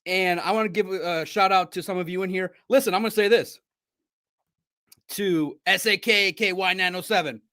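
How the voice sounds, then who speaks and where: Excitable bright-voiced man recapping a game. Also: moderate pace. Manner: excitable, rambling, laughs often; animated swings between loud outbursts and low asides. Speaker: sports podcast host. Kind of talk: live-stream sports recap chat.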